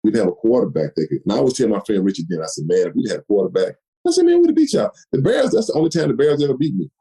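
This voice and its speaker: A deep, gravelly man in his sixties recounts his story as an interview guest. His voice swings widely in pitch as he acts out the people he quotes. The tone is dark and mellow. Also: very animated, very fast, low-quality recording. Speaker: guest, retired football player.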